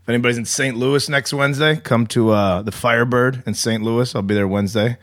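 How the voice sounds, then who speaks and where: A man's voice: medium pitch, steady tone. A man guesting on a comedy podcast, chatting casually with lots of laughter and filler words. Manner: laughs often, halting with fillers.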